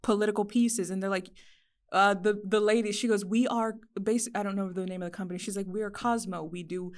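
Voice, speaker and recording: A woman's voice: medium pitch, fairly quick. A woman co-hosting a casual podcast chat, eagerly retelling a movie plot and acting out the characters' lines. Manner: excited, recaps plots while acting out characters' quotes. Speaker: podcast co-host.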